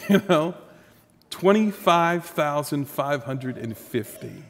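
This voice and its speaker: A man's voice: fairly high pitch, big pitch swings, a little slow, in a large hall. A man preaching a sermon as pastor, conversational and humorous, with asides to the congregation.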